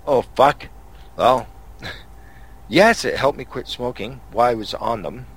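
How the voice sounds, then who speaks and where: A man's voice: mid-range voice, slow pace, husky. A man from Canada hosting a podcast, telling angry road-rage stories in a profane, casual rant. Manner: angry, swearing storyteller. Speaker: podcast host.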